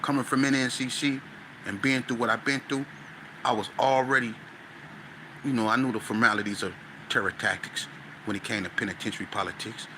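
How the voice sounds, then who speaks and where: A man from Las Vegas, a podcast guest, telling a story in casual, animated street talk that grows loud and high when he gets excited. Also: fairly quick, noisy background. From Las Vegas, West Side.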